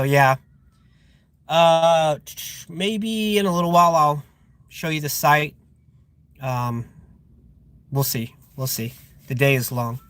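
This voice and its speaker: A man's voice: on the high side, fairly bright tone. A man working as a security guard, chatting casually on a live stream, rambling with fillers and sounding irritated. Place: outdoors at a guarded facility.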